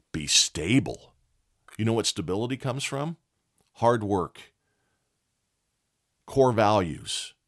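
A middle-aged man hosting a motivational talk show, blunt and folksy, telling stories. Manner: blunt, folksy storytelling with lively swings in pitch. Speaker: podcast host.

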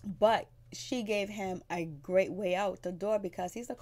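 A woman's voice: mid-range voice, a little slow, hardly any pauses, darkish tone. Gossipy woman recapping with blunt sass. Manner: blunt, gossipy, acts out quotes with sassy voices. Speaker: reality TV recap vlogger. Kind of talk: casual recap commentary.

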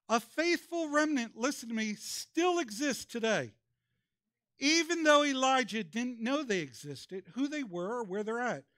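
High-voiced man preaching a sermon. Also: a bit bright, no echo, studio quality. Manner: preaching with call-and-response prompts. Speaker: pastor. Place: church.

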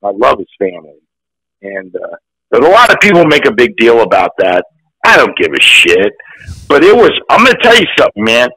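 A gravelly older man in his sixties swings his voice up and down as he spins profane, animated stories. His tone is bright and a bit high, and the sound is close and dry. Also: fairly quick, no room sound, poor audio. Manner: profane, animated, acts out quotes. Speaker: actor guest. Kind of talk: casual storytelling.

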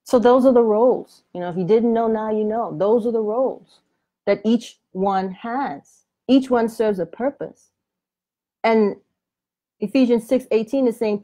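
A woman's voice: on the high side, a little slow, dark tone. A woman teaching on the Bible in a preaching video, speaking in a colloquial and emphatic way. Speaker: Christian author and Bible teacher.

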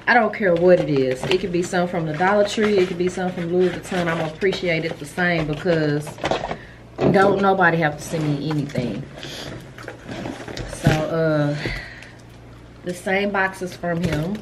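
A woman in her fifties, a chatty and excitable vlogger who talks straight to her viewers from home. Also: fairly low pitch, moderate pace, background noise. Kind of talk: casual vlog chat.

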